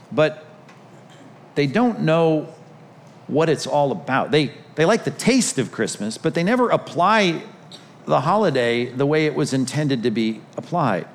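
A male pastor delivering a Sunday sermon, telling stories in a conversational way with self-deprecating humor. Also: medium pitch. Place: large church hall. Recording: reverberant hall, faint ambience.

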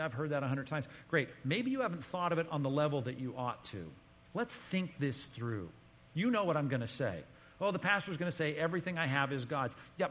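A man preaching a sermon as pastor, conversational and emphatic, often dropping suddenly to a quiet, low voice. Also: in a large hall.

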